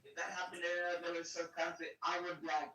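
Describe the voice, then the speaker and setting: A man's voice: on the high side, level tone, fast talker, sharp tone, slight background noise. A man speaking as a guest on a podcast, heated and repetitive, swearing heavily. He is recorded in an echoey room with the mic at a distance. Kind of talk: profane political podcast chat.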